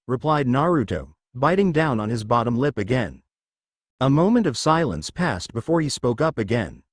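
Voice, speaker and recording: A man narrating a fan fiction audiobook in a steady storytelling manner. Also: mid-range voice, normal speed, no echo, clean studio sound.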